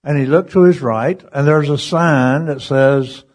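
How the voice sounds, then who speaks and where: A man preaching a sermon through a story, animated and chuckling between lines as he acts out the voices. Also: on the high side, unhurried.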